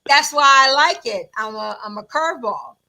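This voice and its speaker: Bright-voiced woman telling lively stories. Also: sits high, moderate pace, poor audio. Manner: animated, laughs often, acts out quotes. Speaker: wrestling ring announcer and interviewer. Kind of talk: casual interview storytelling.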